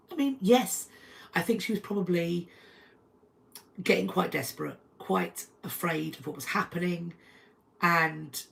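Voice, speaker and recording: A woman's voice: fairly low pitch, gravelly, rough recording. A woman hosts a live stream at home, chatting about history and thanking viewers one by one. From North London, England. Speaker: history channel host.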